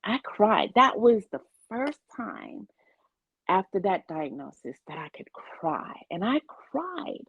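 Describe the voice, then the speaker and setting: A woman's voice: medium pitch, lively intonation, slow, creaky, husky, dry recording, phone-quality sound. A woman giving an interview, telling her personal story of illness and faith with earnest storytelling and quoted dialogue. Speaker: interview guest.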